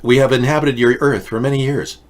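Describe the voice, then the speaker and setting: Man doing a stiff Martian in a suit: formal, flat, robotic delivery at a middle pitch. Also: a little fast, natural voice.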